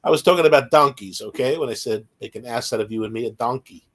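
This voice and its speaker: A man's voice: medium pitch, fast, fairly bright tone. A man talking casually in a Bible study discussion, with many fillers and asides.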